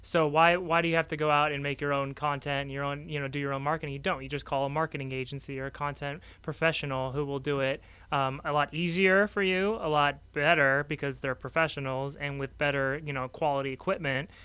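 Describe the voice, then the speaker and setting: A man's voice: fairly high pitch, steady tone, a little fast, few pauses, pushed and bright, clear, resonant tone, no echo. A man co-hosting a marketing podcast, speaking in an upbeat, conversational way and promoting services. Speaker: co-host. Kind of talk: casual podcast chat.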